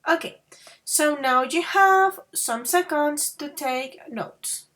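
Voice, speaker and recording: A woman English teacher with a high voice leads an online grammar class. She talks slowly and carefully, addressing her students as dears and babies. She slips into now and then to make a rule clear. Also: fairly bright tone. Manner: slow and patient, calls students babies and dears; switches between English and Spanish to explain.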